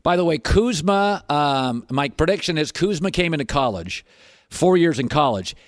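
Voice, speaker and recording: Emphatic sports radio host, dry studio sound. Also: male voice, a little high, animated, normal speed, no echo. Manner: emphatic, argumentative, sarcastic asides. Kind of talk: opinionated sports talk. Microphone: studio microphone.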